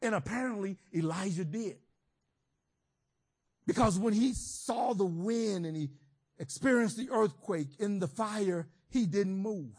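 A man preaching a sermon, swinging between shouted emphasis and quiet, reflective teaching. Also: sits high, lively intonation, measured pace, slightly rough.

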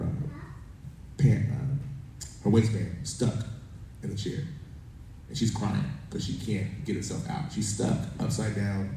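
Deep-voiced man preaching in an echoey hall. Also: dark tone. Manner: conversational preaching with stories and scripture reading. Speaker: pastor. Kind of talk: sermon. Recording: roomy echo from a distance, faint background noise.

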